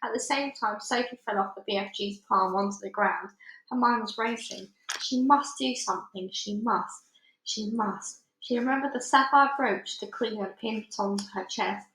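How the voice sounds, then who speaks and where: A woman reading a children's book aloud with lively, dramatic storytelling. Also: medium pitch, normal speed. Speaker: storybook reader. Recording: roomy echo.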